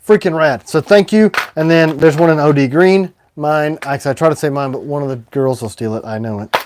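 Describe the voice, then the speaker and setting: A man hosting a casual livestream, rambling and excitable, with sudden swings between loud and quiet. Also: on the high side, fairly quick, a little hiss or hum. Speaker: knife maker hosting a livestream.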